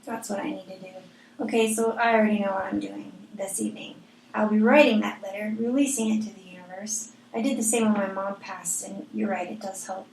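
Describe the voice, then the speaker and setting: A woman's voice: medium pitch, fairly even intonation, a little fast, vocal fry, a little mellow, roomy sound, slight background noise, rough recording. A woman guest in a casual chat, talking candidly.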